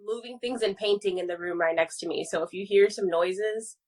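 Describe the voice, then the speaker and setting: A young woman from California, a guest on a podcast, chatting casually in a relaxed, good-humored way. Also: mid-range voice, brisk.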